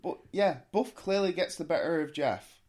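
A man's voice: a little high, moderate pace, a crowd in the background. A man co-hosting a casual review podcast, recapping events in an amused, chatty way. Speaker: podcast co-host. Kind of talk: casual wrestling review chat.

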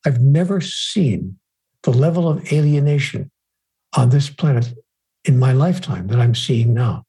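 An older man as a guest, speaking in a measured, emphatic storytelling manner. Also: medium pitch, animated, mellow, husky, poor audio. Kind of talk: reflective conversation.

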